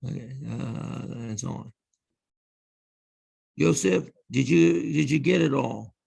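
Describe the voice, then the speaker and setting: Gravelly-voiced male professor lecturing. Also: medium pitch, takes it slowly, darkish tone. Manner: explains step by step, repeating key terms. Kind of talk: university lecture. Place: classroom.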